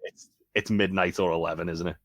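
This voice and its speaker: A man's voice: low-pitched, little pitch movement, brisk, fairly bright tone, no room sound. A man co-hosting a casual TV review podcast, talking hesitantly with lots of restarts. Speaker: podcast co-host.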